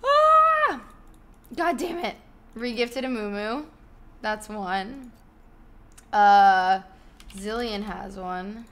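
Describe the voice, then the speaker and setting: A woman's voice: medium pitch, slow pace, long pauses, slight background noise. A young woman chatting casually on a live stream from her bedroom, swearing and thanking subscribers while fighting hiccups. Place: home bedroom.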